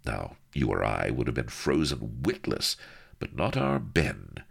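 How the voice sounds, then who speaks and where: Deep, gravelly comic storyteller man. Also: wildly swooping pitch, measured pace. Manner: wry, theatrical, chatty asides. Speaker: narrator. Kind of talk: comic audiobook narration.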